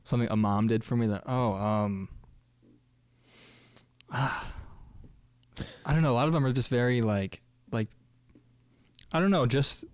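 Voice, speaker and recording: A young man chatting on a podcast at a middle pitch, recorded dry with no room sound. He rambles, stacking fillers and trailing off mid-thought. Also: unhurried, pauses often, clean tone, no echo. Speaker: podcast co-host. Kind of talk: casual chat.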